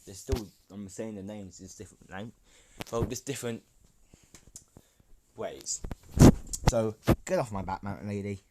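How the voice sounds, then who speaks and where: A man voicing a calm, easygoing young male hero in a homemade story reading. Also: fairly low pitch, a little slow, pauses often, very noisy, close to an everyday voice.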